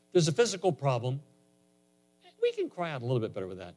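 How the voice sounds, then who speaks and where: A man preaching a sermon in a conversational way, his voice rising higher and louder on emphatic lines. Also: wildly swooping pitch, unhurried, long pauses. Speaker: pastor.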